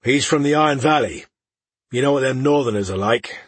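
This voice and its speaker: A man's voice: mid-range voice, brisk, husky, no room sound, natural voice. A man reading an audiobook, voicing a stern, tough older male barkeeper who speaks in a clipped way.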